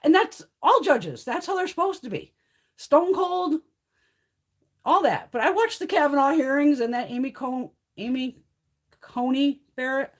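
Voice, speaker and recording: A woman in her fifties chatting casually on a live stream, blunt, profane and animated. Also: high voice, unhurried. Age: 50s. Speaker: beauty livestream host.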